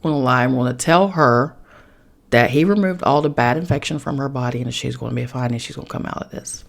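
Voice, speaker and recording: A woman recounts her own story in an intimate podcast monologue. Her voice carries a gravelly fry, and she often sinks into soft whispers when she quotes others. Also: a bass voice, fast. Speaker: podcast host. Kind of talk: personal storytelling.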